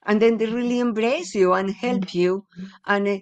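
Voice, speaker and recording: A woman's voice: mid-range voice, fairly even intonation, normal speed, dull audio. A woman interviewer in a casual chat who supports and agrees with her guest.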